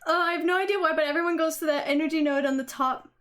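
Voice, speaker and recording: A woman with a high, light voice commentates her own gameplay on a live stream. She talks casually and excitably, swearing freely as she reacts and explains what is happening. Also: very fast. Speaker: game streamer.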